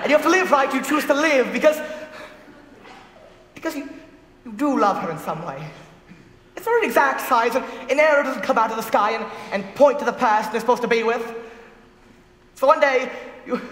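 A young man playing a shy musical fan who talks to the audience in a halting, stammering monologue. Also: extremely high pitch, expressive, a bit bright, a little hiss or hum. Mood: confiding. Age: young adult. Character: shy, rambling male musical fan narrating. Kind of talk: stage monologue. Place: school theatre stage. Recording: echoey theatre hall.

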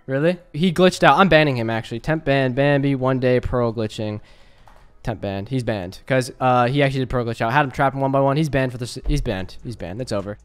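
A young man hosting a gaming video, giving excitable live commentary and raging at other players. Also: mid-range voice, clean tone, no echo. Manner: excitable, quick to rage and yell.

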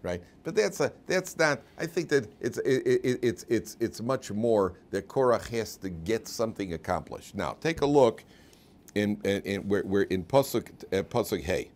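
Animated rabbi teaching a class. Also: male voice, lowish voice, moderate pace. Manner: animated, acts out quotes in put-on voices, laughs often. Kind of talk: lively Torah class.

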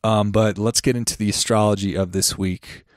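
A man's voice: fairly low pitch, fairly even intonation, normal speed, no room sound, clean studio sound. A man hosting a podcast, giving a casual astrology forecast in a loose, chatty way with many ums, and a little out of breath. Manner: loose and chatty, with frequent ums and self-corrections. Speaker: podcast host.

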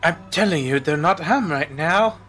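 A man voicing a suave, flirtatious showman in a game, smooth and flattering. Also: a little high, normal speed, faint music behind.

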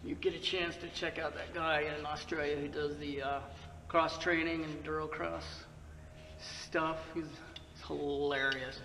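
Bright-voiced man joking through a how-to. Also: on the high side, flat delivery, a little slow. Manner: chatty, joking asides. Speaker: motorcycle channel host. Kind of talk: casual how-to commentary. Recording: distant echoey mic, faint noise.

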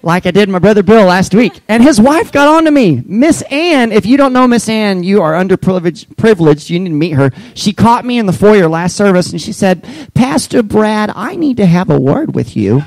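A man's voice: high-pitched, animated, brisk, hardly any pauses, a little mellow, dry recording, poor audio. A male pastor giving playful, teasing church announcements to his congregation.

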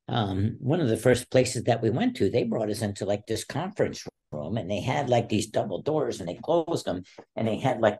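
This former wrestler and teacher, now in his sixties, has a warm, lowish voice with some breathiness. Appearing as a podcast guest, he spins vivid tales and imitates the people he quotes.

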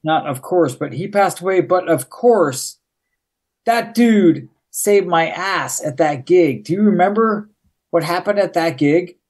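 A man telling tour stories as a guest in casual chat, excitable and full of swearing. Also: high-pitched, unhurried, husky. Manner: excitable, profane, acts out quotes. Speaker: guest, former tour crew. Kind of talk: casual storytelling.

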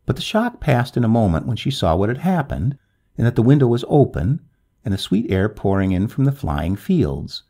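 A man narrating a classic tale in an expressive, swooping storybook delivery. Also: medium pitch, normal speed.

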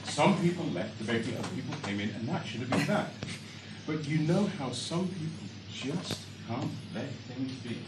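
Animated male comic storyteller. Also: mid-range voice, normal speed. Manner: animated, comically exaggerated telling. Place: storytelling stage before a live audience. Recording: echoey hall from a far mic, audience noise.

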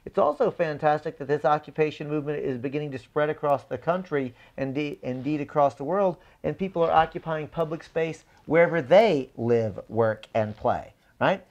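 A man's voice: on the high side, normal speed, hardly any pauses, a little mellow, lo-fi sound. Impassioned man speaking emphatically. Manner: emphatic, builds with repeated phrases. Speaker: political activist guest. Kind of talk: impassioned conversational speech.

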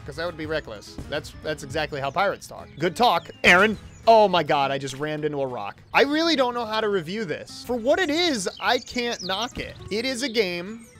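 A man reviewing a video game with jokey, excitable commentary and sudden exclamations. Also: sits high. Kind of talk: comedic gameplay commentary.

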